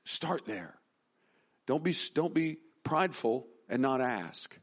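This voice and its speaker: A middle-aged man preaches from the pulpit in a relaxed, folksy way. His voice sits at an ordinary middle pitch for a man, and he stumbles, restarts and builds emphasis as he goes. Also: takes it slowly. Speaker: pastor. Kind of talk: sermon.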